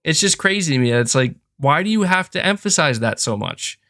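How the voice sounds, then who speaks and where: A man's voice: a little high, big pitch swings, normal speed, pushed and bright. A man hosting a podcast, talking in a casual, frustrated rant with lots of fillers and restarts. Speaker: podcast host. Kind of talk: casual opinionated chat.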